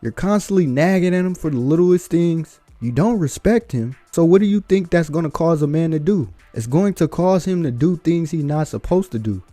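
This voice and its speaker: Male reaction host, lecturing and opinionated, mellow voice, soft music behind. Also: a little high, animated, normal speed, hardly any pauses, dry recording. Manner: blunt, lecturing. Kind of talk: opinionated commentary.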